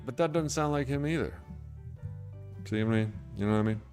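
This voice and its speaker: A man's voice: medium pitch, animated, normal speed, creaky, pauses often, a little mellow, faint music behind. A man hosting a casual livestream, chatting in a rambling, laid-back way and answering viewers' comments. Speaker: livestream host. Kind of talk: casual livestream chat about sobriety.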